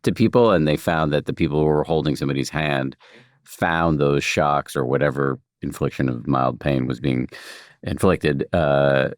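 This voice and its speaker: A man hosting a podcast conversation, asking thoughtful, measured questions. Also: a bass voice, fairly even intonation, dry recording, studio quality. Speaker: podcast host.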